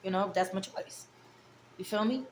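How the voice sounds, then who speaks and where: A woman's voice: medium pitch, normal speed, echoey room, slight background noise. A woman in her forties talking candidly and affectionately to her viewers in a rambling, heartfelt vlog. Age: 40s. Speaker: vlogger. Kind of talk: casual heartfelt vlog monologue.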